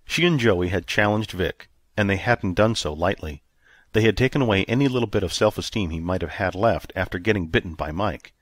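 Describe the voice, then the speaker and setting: A man narrating an audiobook in a steady, even storytelling manner. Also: sits low, fairly quick, no echo, clean studio sound. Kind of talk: scripted narration.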